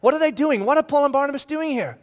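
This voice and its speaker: Man, sermon preacher, very high voice, animated and emphatic, breaks into acted shouts. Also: quick pace. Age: adult, married with children. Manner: animated, emphatic, acts out scenes with sudden shouts. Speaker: pastor.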